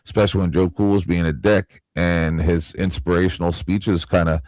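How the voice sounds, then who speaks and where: A low-pitched man hosts a casual online panel, rambling and joking. His voice comes through a close, dry mic on a video call. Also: fairly even intonation, normal speed, darkish tone, no room sound, poor audio. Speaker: stream host.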